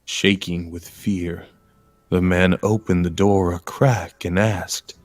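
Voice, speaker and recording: A man reading a scary story aloud to a livestream, in a slow, hushed way. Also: deep voice, level tone, no room sound, faint music behind. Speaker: stream guest.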